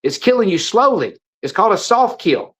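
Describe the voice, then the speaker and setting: A high, sing-song male voice with a fairly bright tone comes through a low-quality recording at a moderate pace. It belongs to a middle-aged guest, a supplement seller, whose impassioned, preachy monologue is full of repetition and stumbling restarts.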